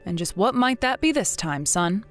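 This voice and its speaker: A woman playing a blunt, widowed older mother who scolds her grown son in a measured, firm way, in a scripted text-message drama. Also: mid-range voice, big pitch swings, faint music behind, close to an everyday voice. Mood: stern.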